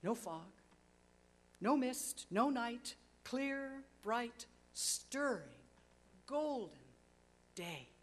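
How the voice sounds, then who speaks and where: A woman narrating a classic story aloud with expressive, dramatic pacing that slows on key words. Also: a little high.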